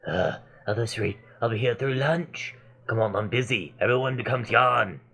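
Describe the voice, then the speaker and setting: A man voicing a scheming, smug old male wizard turtle, reading the game's dialogue in a slow, mocking way. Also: mid-range voice, sharp tone, husky.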